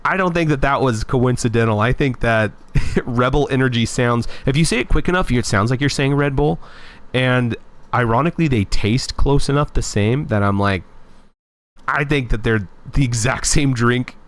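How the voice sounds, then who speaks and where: A young man hosting a casual live stream, talking in an animated, opinionated way and rambling with frequent restarts. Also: medium pitch, moderate pace.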